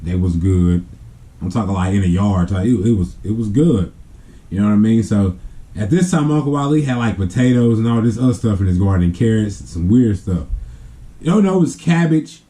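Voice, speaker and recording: A man's voice: fairly low pitch, animated, fairly quick, dark tone. A man telling a family story in a casual, rambling way. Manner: rambling, with many fillers and restarts. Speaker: family vlogger.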